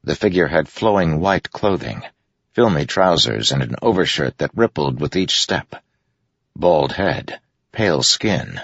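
Male audiobook narrator, extremely deep and gravelly, measured and grave. Dry, dull recording. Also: lively intonation, a bit bright, no echo. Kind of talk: scripted fantasy narration.

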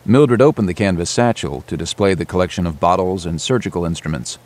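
A man reading an adventure audiobook in a steady, measured way. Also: low voice. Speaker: narrator. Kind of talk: audiobook narration.

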